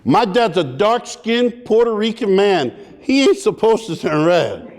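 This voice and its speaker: A man giving a comedic motivational talk at a community summit, animated and playful as he acts out scenes. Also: sits high, a little slow. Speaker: keynote speaker. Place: large hall at a community summit. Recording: long hall reverb.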